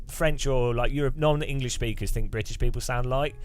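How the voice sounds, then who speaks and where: A man's voice: mid-range voice, normal speed, faint music behind. A man chatting casually on a live stream, rambling and chuckling as he thanks viewers between thoughts.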